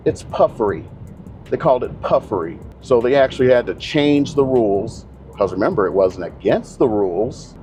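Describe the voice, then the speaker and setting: A man's voice: mid-range voice, darkish tone. A middle-aged man talking in a car, blunt, opinionated and rambling, a real estate agent hosting his own channel. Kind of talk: casual monologue to camera.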